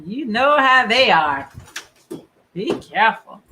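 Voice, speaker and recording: A woman hosting a crafting livestream, chatting casually and warmly reading out viewer comments. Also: fairly high pitch, very animated, slow pace, slight background noise, poor audio. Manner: chatty, reads viewer comments aloud, encouraging. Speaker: crochet livestream host. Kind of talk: casual chat with live viewers.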